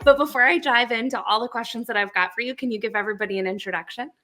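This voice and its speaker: A woman hosting an interview podcast, speaking in an enthusiastic, excitable way as she introduces her guest. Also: fairly high pitch, very fast, over music. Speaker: podcast host. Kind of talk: conversational interview.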